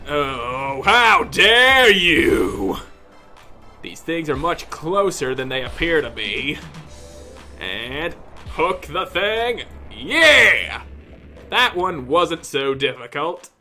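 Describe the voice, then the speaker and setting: A man commentating his own gameplay, yelling and cursing at the game in frustration, with mock-pompous outbursts. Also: fairly high pitch, big pitch swings, very slow, soft background music.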